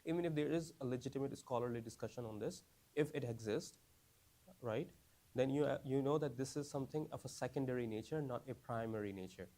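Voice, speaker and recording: Man in his own voice leading a relaxed class, mid pitch, keeps checking "right?" with the room. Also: fast. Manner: conversational, asks the class many questions; repeats phrases, frequent "right?" and "you understand?". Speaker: teacher of a class for new Muslims. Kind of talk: casual classroom teaching.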